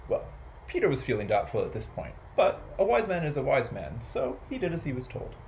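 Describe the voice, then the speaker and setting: A man reading a children's story aloud as a library storyteller, animated and playful, making animal and household sound effects. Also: mid-range voice, brisk, slight background noise, rough recording.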